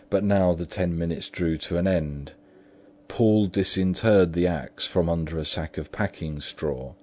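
A man reading a story aloud as narrator, in measured, even storytelling. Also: low voice. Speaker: audiobook narrator. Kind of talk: scripted narration. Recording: dull lo-fi recording.

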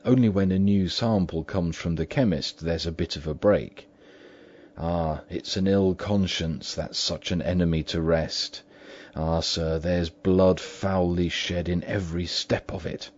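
A man doing a hushed, frightened old butler. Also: steady tone, measured pace. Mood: fearful. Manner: hushed, low murmur. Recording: dull lo-fi recording.

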